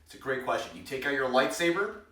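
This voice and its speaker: At a quick pace and medium pitch, a man runs a joking self-defense lesson on his vlog, calling each strike as he demonstrates. He stays energetic and playful, explaining and joking throughout. The mic sits far away, leaving the audio roomy and noisy.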